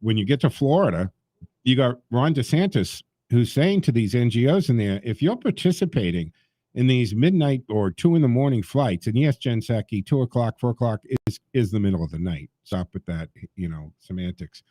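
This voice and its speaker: A man's voice: medium pitch, animated, normal speed, warm tone, no echo. A man hosting a call-in talk radio show, talking emphatically and sarcastically and addressing his listeners directly.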